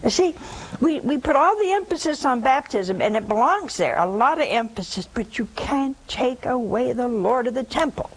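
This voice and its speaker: A woman with a husky, somewhat high voice preaches to her audience on a religious call-in show. She speaks emphatically, hammers her points by repeating them, and slips in scornful asides. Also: animated, moderate pace, rough recording. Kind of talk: religious preaching and answering callers.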